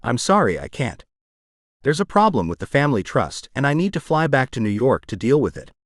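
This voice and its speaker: Audiobook figure: a man playing a gentle, protective grown man, soothing and steady, lively pitch, dry booth sound. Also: fairly quick, dry recording. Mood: apologetic. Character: earnest grown man, calm protective lover.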